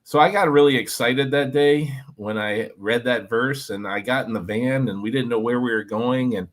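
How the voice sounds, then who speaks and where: A former reality show contestant, a man, telling an animated story to a group, talking with lots of fillers and "like". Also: medium pitch, moderate pace. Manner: energetic, filler-heavy, lots of "like".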